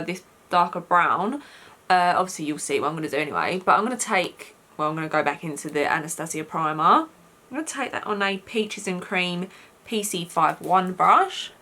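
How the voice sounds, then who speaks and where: A woman's voice: lowish voice, bright, forceful tone. A young British woman chatting her way through a makeup tutorial, rambling with lots of fillers. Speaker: beauty vlogger.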